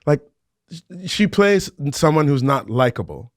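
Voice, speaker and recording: A man on a rewatch podcast, animated and often laughing as he retells scenes from a show he acted in. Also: a little high, a little slow, no room sound, studio quality. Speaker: podcast co-host and actor looking back on his show. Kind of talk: casual rewatch podcast chat.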